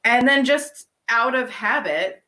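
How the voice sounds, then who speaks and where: A woman's voice: fairly high pitch, takes it slowly, reverberant, rough recording. Chatty woman hosting a farm livestream. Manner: chatty, animated storytelling. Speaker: farm co-owner and livestream host. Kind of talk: casual livestream Q&A chat.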